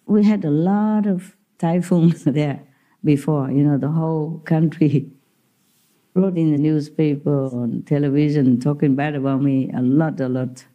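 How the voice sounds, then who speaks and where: A woman's voice: sits low, steady tone, measured pace, dark tone. A woman talking as a spiritual teacher, telling stories casually with frequent laughter in non-native English grammar. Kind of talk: casual storytelling talk.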